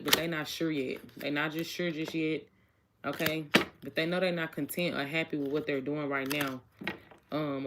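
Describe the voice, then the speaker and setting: Woman tarot reader, lowish voice, casual and repetitive, noisy background with clicks. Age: adult with a child. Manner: chatty, repeats questions aloud, addresses viewers directly. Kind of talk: casual live tarot reading.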